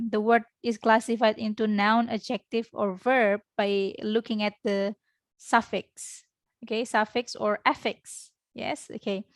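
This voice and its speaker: Indonesian lady teaching english over a video call, kinda high voice, super dry sound, slow patient explaining with lots of pauses. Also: dry recording. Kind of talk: online class lecture.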